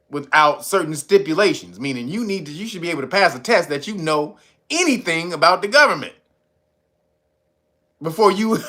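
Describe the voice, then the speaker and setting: A man giving casual comedic commentary, swearing freely and laughing constantly. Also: high voice. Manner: profane, laughs constantly, animated.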